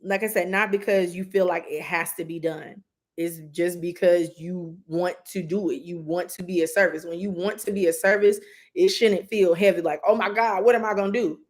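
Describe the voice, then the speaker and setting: A woman's voice: lowish voice, fairly even intonation, moderate pace, a little mellow. A woman doing a live intuitive reading, giving earnest, direct advice with many asides. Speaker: psychic reader.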